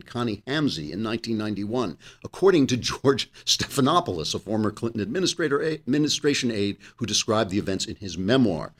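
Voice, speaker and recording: A man's voice: on the low side, animated, brisk. A man hosting a political commentary monologue, sarcastic, reading news quotes aloud with asides. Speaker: host.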